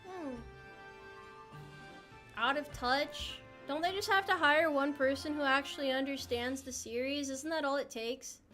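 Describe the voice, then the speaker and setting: A young woman from the United States streams a game and chats playfully with viewers, rambling as she answers chat. Her voice is high, bright and forceful yet unhurried, with soft music playing underneath.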